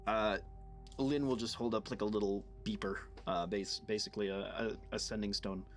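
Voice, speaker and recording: A man running a tabletop game as game master, narrating and answering the players in a halting way that stumbles over its words. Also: fairly low pitch, soft background music.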